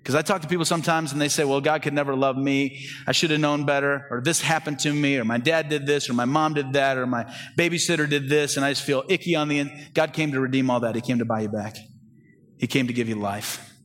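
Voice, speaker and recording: A middle-aged man preaching a sermon as pastor, earnest, swinging from urgent, raised delivery to hushed, quiet appeals. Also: mid-range voice, fairly even intonation, fast talker.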